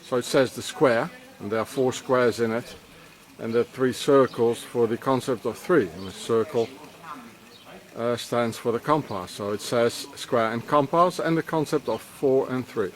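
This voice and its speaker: A man excitedly pointing things out as he walks, talking in a rambling, conspiratorial way outdoors. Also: medium pitch, moderate pace, low-quality recording. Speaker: vlogger. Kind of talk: rambling walking commentary.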